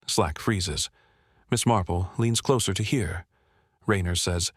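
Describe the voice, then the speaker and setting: Male audiobook narrator, low and unhurried, bone-dry booth sound. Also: breathy edge, dry recording.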